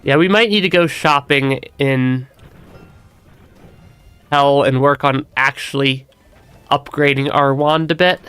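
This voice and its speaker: A man's voice: mid-range voice, slow pace, pauses often, fairly bright tone, smooth, dry recording, soft background music. A man streaming a game with a stuffy nose, chatting casually, laughing often and restarting his sentences. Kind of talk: casual gameplay commentary.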